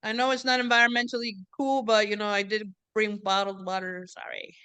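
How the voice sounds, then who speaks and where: Woman host from the border, chatty and teasing, crisp bright voice, dry close sound. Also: medium pitch, little pitch movement, fairly quick, no echo. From US-Mexico border region. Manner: chatty, joking, mixes in Spanish. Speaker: event host and professor. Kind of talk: casual chat hosting a book event. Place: classroom or event room.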